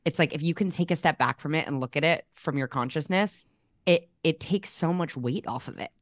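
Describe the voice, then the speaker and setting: A woman's voice: low voice, brisk, dry recording, clean studio sound. A young woman co-hosting a podcast, talking candidly in a chatty way with plenty of fillers. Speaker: podcast co-host. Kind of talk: casual chat. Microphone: remote call.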